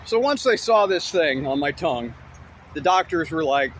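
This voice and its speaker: A man's voice: a little high, lively intonation, moderate pace, slight background noise. A man telling a personal story as a comic monologue, wry and self-mocking with jokey asides.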